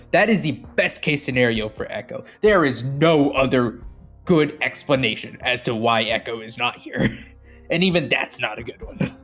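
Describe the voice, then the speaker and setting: A man's voice: mid-range voice, fairly bright tone. Man ranting animatedly between laughs. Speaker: player. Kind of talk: casual tabletop banter.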